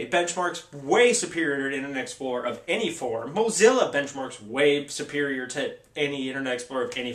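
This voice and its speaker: Ranting man, roomy and distant from mic. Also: on the high side. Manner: animated, sarcastic, exasperated ranting. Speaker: tech video host. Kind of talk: casual ranting commentary.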